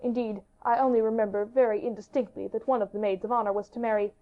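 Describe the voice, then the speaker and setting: A woman's voice: on the high side, steady tone, quick pace, natural voice. Woman voicing a commanding young king. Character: regal young male king, curious and commanding. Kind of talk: audiobook character reading. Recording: dull lo-fi audiobook recording.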